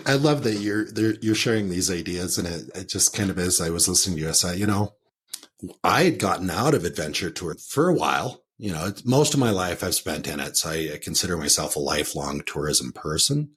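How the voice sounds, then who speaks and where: A man hosting a travel podcast, asking questions in an animated, laughing way and acting out what listeners might say. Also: low-pitched, fairly quick, slightly rough. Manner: animated, laughs, acts out quotes. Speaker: podcast host. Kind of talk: casual interview conversation.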